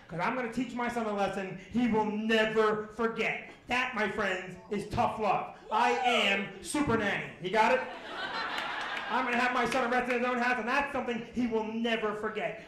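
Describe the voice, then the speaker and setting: A man in his forties tells stand-up stories in an animated way, building to loud, exasperated punchlines. His voice sits very high for a man and echoes heavily around the room, with faint ambience behind it. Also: noisy background. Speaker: stand-up comedian. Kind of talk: stand-up storytelling.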